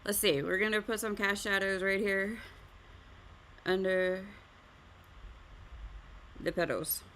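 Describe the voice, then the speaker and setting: A woman at a mid pitch, talking casually as she draws and explains shading. She chats along with little fillers and breaks into laughter at herself often. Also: steady tone, slow pace, a bit bright, a little hiss or hum. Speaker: art stream host. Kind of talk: casual chat while drawing and teaching.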